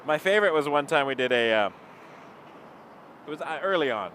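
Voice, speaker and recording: With a slightly high, bright, animated voice and a little fast delivery, a Canadian man from around Toronto livestreams beside a runway on a frigid night. He marches to keep warm, rambles casually and reads out comments from viewers, while outdoor traffic hums in the background.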